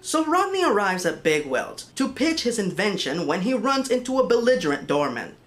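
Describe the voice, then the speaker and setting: A woman's voice: mid-range voice, big pitch swings, normal speed, loud music behind the voice. A woman narrating a comedic film review in a sarcastic, exasperated manner.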